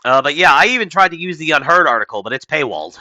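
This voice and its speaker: A man's voice: a little high, lively intonation, quick pace, pushed and bright, no room sound, rough recording. A man casually reading an article aloud and breaking in with blunt, sarcastic, profane commentary. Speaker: political commentary host.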